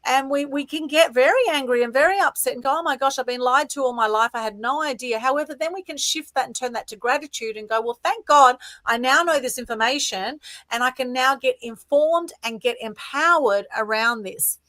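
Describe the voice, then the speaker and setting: A middle-aged Australian woman with a fairly high voice talks earnestly and with feeling, often checking in with "right?". The sound is dry and close, as on a video call. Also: fairly quick, pushed and bright, no room sound. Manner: earnest, emotional, tag questions of "right?". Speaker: co-host. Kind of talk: casual chat on a live stream.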